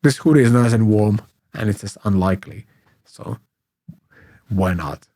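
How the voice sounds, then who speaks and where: A man co-hosting a podcast in casual chat, hoarse and sick with flu, hesitant and full of fillers. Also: lowish voice, normal speed, warm tone. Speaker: podcast co-host.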